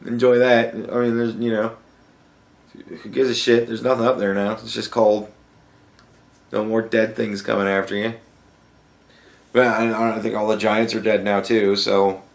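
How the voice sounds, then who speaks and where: A man's voice: on the low side, little pitch movement, unhurried, creaky, pauses often. A young man hosting a podcast, ranting sarcastically and swearing constantly. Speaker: podcast host. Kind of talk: profane casual rant. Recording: echoey room.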